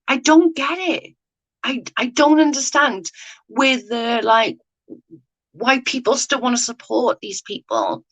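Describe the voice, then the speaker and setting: A woman's voice: fairly high pitch, poor audio. A woman hosting a casual live chat with viewers, blunt and sweary, ranting with lots of "like" fillers. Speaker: livestream host chatting with viewers.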